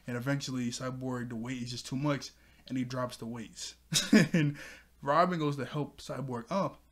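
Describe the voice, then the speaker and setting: Male host, casual recap delivery, chatty and giggly, mid pitch. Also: steady tone, normal speed. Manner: chatty, laughs often, loose filler words. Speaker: show reviewer and channel host.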